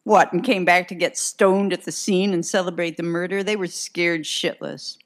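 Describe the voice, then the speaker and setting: A gruff, impatient police lieutenant, as a woman reading a crime novel puts him on, firing off curt, demanding questions. The voice sits low and flat-toned, an audiobook character rather than a full transformation. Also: normal speed, natural voice.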